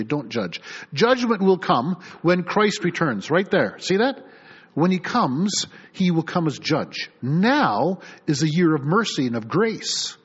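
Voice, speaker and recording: A middle-aged man with a husky voice on the high side gives an animated sermon as pastor. Reading scripture aloud, he takes on the voices of the characters, all in a dull lo-fi recording.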